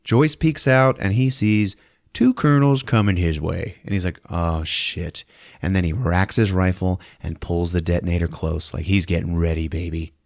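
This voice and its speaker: A man hosting a podcast who recaps a movie in casual, animated speech, swearing and acting out the scenes. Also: sits low, normal speed, dry recording, clean studio sound. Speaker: podcast host. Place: podcast studio.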